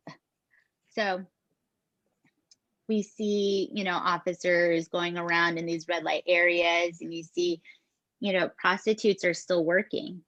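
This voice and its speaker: A woman's voice: fairly low pitch, fairly bright tone, no echo. A woman co-hosting a podcast, telling a true-crime story in a casual, emphatic way with some swearing. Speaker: podcast co-host. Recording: dull, dry lo-fi podcast mic.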